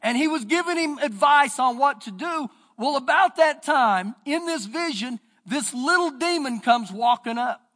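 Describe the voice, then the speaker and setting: A man with a Texan accent preaching a sermon as pastor, his voice rising and falling in pitch and loudness. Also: lively intonation, measured pace, few pauses. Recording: church sermon with long reverb.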